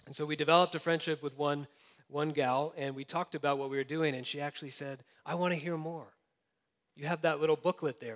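A man's voice: mid-range voice, fairly bright tone, in a large hall. A young adult man preaching a sermon, earnest and conversational with light laughs. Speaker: pastor.

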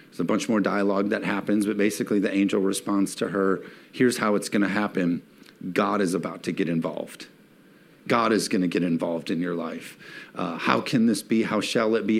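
A man's voice: lowish voice, gravelly. A man preaching a sermon in a church, reading scripture and rising to emphatic peaks as he calls on the congregation to respond. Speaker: pastor.

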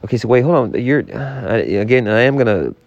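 A man co-hosting a comedy podcast, halting and exasperated as he tries to keep the talk on track. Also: mid-range voice, expressive, darkish tone, no room sound, dull audio.

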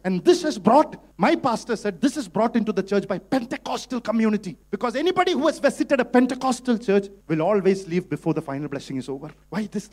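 A male pastor delivers a church sermon in a fairly high voice. He swings between hushed, earnest pleading and sudden loud shouts. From India. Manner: preaching with sudden shouts and shifts in loudness.

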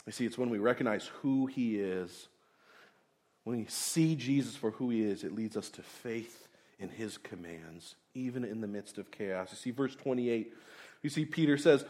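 Man preaching with hushed intensity. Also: medium pitch, normal speed. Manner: conversational, swings between loud emphasis and hushed intensity. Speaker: pastor. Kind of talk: sermon.

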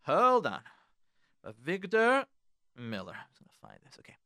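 A man's voice: high voice, wildly swooping pitch, normal speed, bright, forceful tone, dry recording. A man giving a Torah lecture as a rabbi, speaking emphatically and often asking the listeners rhetorical questions.

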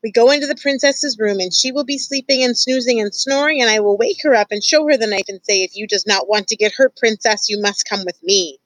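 A woman voicing a simple, eager young serving girl who talks loud and blunt with broken grammar. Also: on the high side, a little fast, hardly any pauses, no echo, natural voice, low-quality recording.

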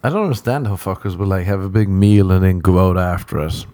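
A man talks alone into a close mic on his podcast, drifting from story to story. He swears freely, mocks himself and laughs often. His voice sits a little low, and the recording is dry with almost no room sound. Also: fast talker, dark tone, dry recording. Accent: non-American. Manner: profane, self-mocking, laughs often. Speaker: podcast host. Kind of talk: casual solo podcast rambling.

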